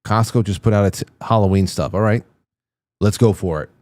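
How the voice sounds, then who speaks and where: A man's voice: on the low side, moderate pace, darkish tone. A man hosting a show, reacting to clips with amused, wry commentary. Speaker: show host. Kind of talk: casual commentary on video clips.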